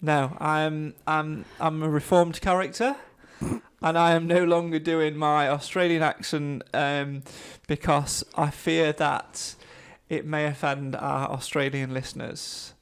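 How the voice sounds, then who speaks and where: A man's voice: fairly high pitch, level tone, takes it slowly, clear, resonant tone. A man co-hosting a podcast, tired from illness and chatting in a rambling, self-deprecating way. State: tired, getting over an illness. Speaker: podcast co-host. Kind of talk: casual podcast chat.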